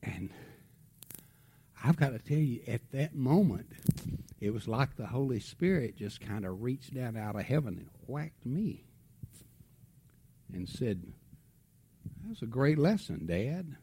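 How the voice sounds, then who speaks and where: A middle-aged man preaching, telling a family story with lively swings from loud outbursts to hushed tones. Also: medium pitch, measured pace, pauses often, slight background noise. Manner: animated storytelling, drops to a hush for tender moments. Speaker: pastor. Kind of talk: sermon storytelling.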